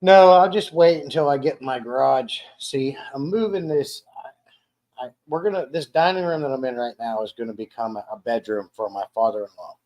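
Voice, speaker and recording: A man's voice: mid-range voice, brisk, darkish tone. Rambling male live stream host. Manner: rambling, with frequent restarts and repeated words; reads viewer comments aloud. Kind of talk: casual live stream chat. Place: dining room at home.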